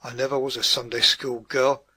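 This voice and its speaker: A man's voice: medium pitch, flat delivery, normal speed, pushed and bright, slightly rough, no room sound. A man voicing Martha, a cheeky, sceptical and blunt Cockney woman in a storybook reading.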